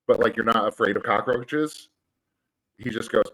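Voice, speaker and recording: A man playing a tabletop game, describing his hero's actions in a rambling, animated way. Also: mid-range voice, slow, long pauses, rough recording. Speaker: player. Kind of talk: casual tabletop game play.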